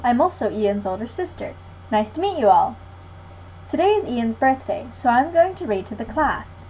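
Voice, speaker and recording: A teenage girl reading a children's book aloud to a class in a friendly, clear way. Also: on the high side, very animated, normal speed, darkish tone, a little hiss or hum, poor audio. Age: teens. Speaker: guest reader.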